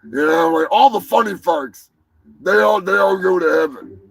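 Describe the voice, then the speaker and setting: Gravelly high-voiced man ranting profanely. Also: moderate pace, fairly bright tone, no room sound, low-quality recording. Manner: profane, rambling, joking rants. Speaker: live show host. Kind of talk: rambling live-stream monologue.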